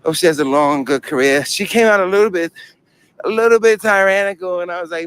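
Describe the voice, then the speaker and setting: A man's voice: sits high, a little fast, a bit bright, smooth. A young man from New York with a New York accent, talking in a slangy, joking, rambling way outdoors on a city street, swearing freely. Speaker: first amendment auditor. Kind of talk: casual street talk to camera and police.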